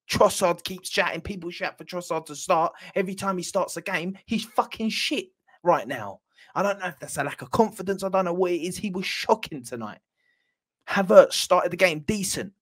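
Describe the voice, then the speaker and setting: A man's voice: high voice, expressive, normal speed. A man giving an angry, sweary reaction after his team loses a football match. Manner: furious, swearing, repeats himself. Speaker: football fan channel host.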